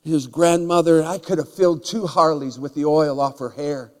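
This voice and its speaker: A male pastor telling a story in a sermon, animated, swinging between loud bursts and hushed asides and often repeating words. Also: on the high side, normal speed. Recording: long reverb of a large hall.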